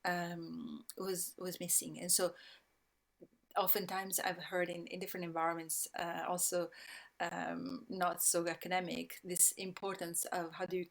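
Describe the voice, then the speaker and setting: A woman with an Italian accent, a guest speaking reflectively in conversation, pausing often and restarting her phrases. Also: lowish voice, little pitch movement, vocal fry. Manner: reflective, many pauses and restarts. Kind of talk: thoughtful conversational talk.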